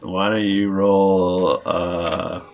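A man running a tabletop game as game master, narrating haltingly with lots of ums and restarts. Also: low voice, flat delivery, creaky.

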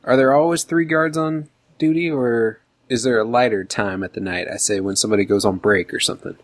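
A man playing a tabletop game, animated and asking questions in a casual way. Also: mid-range voice, a little fast, dry recording. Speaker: player.

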